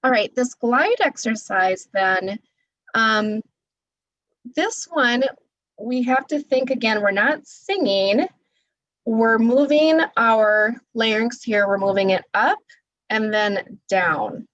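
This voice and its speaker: A woman speech therapist teaching an online class, talking deliberately and encouragingly, her voice a little scratchy from talking. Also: on the high side, dry recording, muffled recording. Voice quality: says she naturally has a quiet voice. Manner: deliberate, encouraging, demonstrates loud vocal drills. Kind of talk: webinar instruction with voice exercises.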